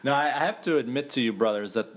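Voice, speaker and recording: A man's voice: mid-range voice, fast talker. A man from the United States hosting a casual podcast interview, jokey and teasing, recorded on a phone in a small bedroom. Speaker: podcast host.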